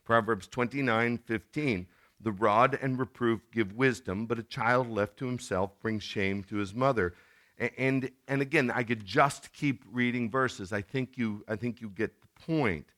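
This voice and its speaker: A middle-aged man preaching a sermon in a conversational tone, now and then acting out scenes in sudden loud bursts. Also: medium pitch, a little slow. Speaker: pastor.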